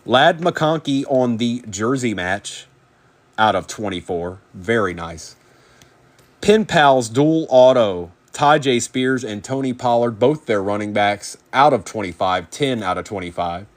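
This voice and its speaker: A man hosting a live sports card break, chatting casually and running quickly through player names. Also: medium pitch, animated.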